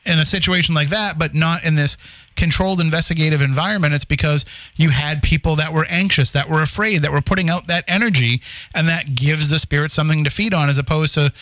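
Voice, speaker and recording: A man's voice: a little high, fairly bright tone, no room sound. A man co-hosting a radio talk show, musing aloud with frequent restarts and fillers. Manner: thinks aloud with many restarts and "you know"s. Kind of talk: casual talk radio chat.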